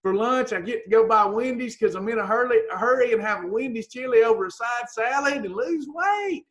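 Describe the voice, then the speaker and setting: High-voiced blunt coach. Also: female voice, expressive, brisk. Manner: blunt, folksy, teasing with pet names. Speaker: weight-loss coach. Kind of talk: motivational talk to followers.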